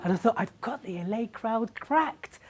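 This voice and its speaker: A woman giving an animated stage talk to a live audience. She tells stories, acts out people's reactions and keeps asking the audience questions. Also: a little high, normal speed, breathy edge. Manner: animated storytelling, acting out reactions. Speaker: public speaker.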